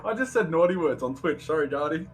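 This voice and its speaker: A man's voice: a little high, expressive, quick pace. A man playing a tabletop game in casual chat, giggly and swearing freely. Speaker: player.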